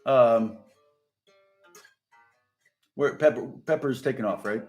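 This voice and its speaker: A middle-aged guitar teacher from the US takes it slowly in a medium-pitched voice. His live-stream talk is casual and rambling, full of laughter and frequent restarts.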